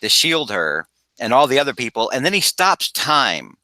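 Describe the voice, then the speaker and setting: Male podcast host, bright and forward tone, dry close recording, rambling animated comic recap. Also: mid-range voice, normal speed, dry recording, rough recording. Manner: rambling, animated, slips into quoted voices. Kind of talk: casual comic book recap.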